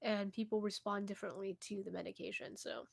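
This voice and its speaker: At home with a cat nearby, a young woman answers viewer questions in a casual Q&A vlog to camera, candid and chatty, often laughing and trailing off. Her medium-pitched voice is creaky and a little fast, with a flat delivery.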